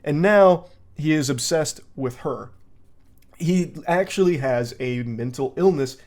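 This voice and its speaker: A man narrating a commentary video, reading messages aloud in a steady voice and adding dry remarks. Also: fairly high pitch, slow pace.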